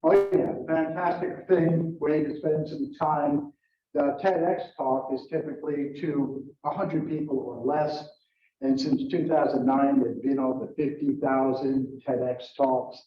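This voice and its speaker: An older retired man telling a story to a club audience, halting, with many fillers and restarts. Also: a little high, level tone. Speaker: club speaker. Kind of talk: storytelling speech. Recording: dull, roomy, from a distance.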